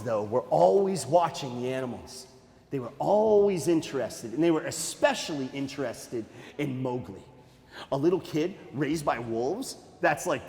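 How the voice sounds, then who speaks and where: A man, a nature museum educator, telling a story to children in a playful, animated way and talking straight to the kids. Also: a little high, long reverb tail.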